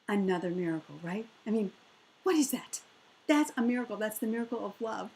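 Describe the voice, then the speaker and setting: A middle-aged woman, a motivational speaker, telling a personal story in an animated way and acting out the voices of the people in it. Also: normal speed, poor audio. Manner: animated, acts out quoted voices with big pitch jumps.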